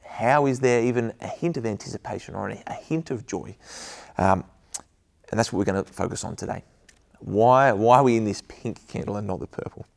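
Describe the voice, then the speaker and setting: Gravelly-voiced man giving a devotional. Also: on the low side, brisk. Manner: earnest, conversational, with frequent ums. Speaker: school chaplain giving a devotional. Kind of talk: devotional talk.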